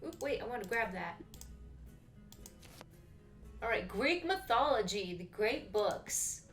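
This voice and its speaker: A woman's voice: on the high side, very animated, slow, fairly bright tone, soft background music. A woman casually chatting while she plays a video game, playful and reactive. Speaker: gameplay host. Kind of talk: casual chat over gameplay.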